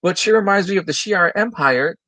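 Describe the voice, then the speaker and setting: A man's voice: high-pitched, animated, brisk, pushed and bright, no echo, rough recording. A man co-hosting a toy news livestream, talking casually and loosely with a lot of enthusiasm. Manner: chatty, enthusiastic, loose and rambling. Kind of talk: casual chat.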